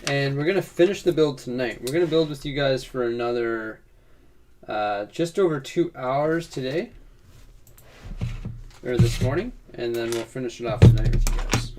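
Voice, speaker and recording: A man co-hosting a casual livestream from home, relaxed and a little drowsy as he chats, on noisy audio. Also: mid-range voice, normal speed. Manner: relaxed, drowsy, laughs easily. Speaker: livestream co-host. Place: home building room.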